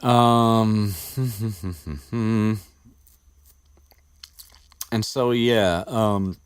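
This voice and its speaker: A low-voiced man rambles through a casual podcast chat, swearing freely and restarting his sentences. The sound is dry and close, with no room echo. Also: a little slow. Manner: rambling, profane, restarts often. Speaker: podcast host discussing a book.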